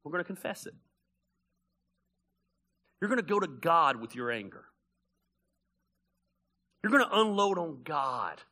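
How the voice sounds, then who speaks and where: A male pastor preaching a sermon, animated and conversational, blunt and joking, swinging from loud bursts to quiet asides. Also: a little high, unhurried, long pauses.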